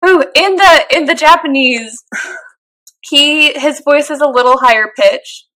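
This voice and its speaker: A woman's voice: sits high, unhurried, poor audio. A woman co-hosting a podcast, chatting expressively and casually with a friend. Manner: expressive, laughs often. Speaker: podcast co-host. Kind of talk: casual recap chat.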